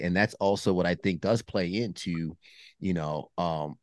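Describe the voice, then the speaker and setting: A man with a very deep voice, recorded close and dry. He speaks as a podcast guest, earnest and reflective, opening up about his feelings in relaxed conversation. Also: unhurried, dry recording. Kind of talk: casual conversation.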